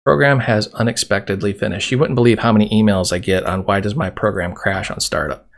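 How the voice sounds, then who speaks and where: A man's voice: fairly low pitch, fairly even intonation, fairly quick, vocal fry, slight background noise. A man hosting a programming tutorial, explaining casually and chatting while he types. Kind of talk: screen-recorded coding tutorial. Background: keyboard typing and mouse clicks.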